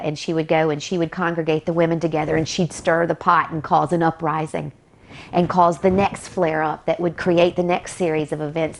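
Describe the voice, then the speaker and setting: A woman's voice: fairly low pitch, gravelly. An American woman telling a personal story in an interview, vividly quoting what each person said. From United States. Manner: recounts dialogue vividly, quoting both sides. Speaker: interview guest. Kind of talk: storytelling anecdote.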